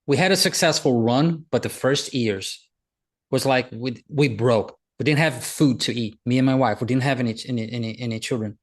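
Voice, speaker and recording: A man hosting a founders' faith discussion, telling his own stories in an animated way and laughing along. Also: medium pitch, moderate pace. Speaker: host leading a founders' faith talk. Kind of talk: animated storytelling.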